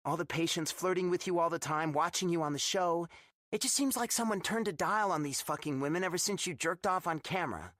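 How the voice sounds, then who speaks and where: Man putting on a teasing young woman in an audiobook, pitched up, lively. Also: fairly quick, dry recording, studio quality.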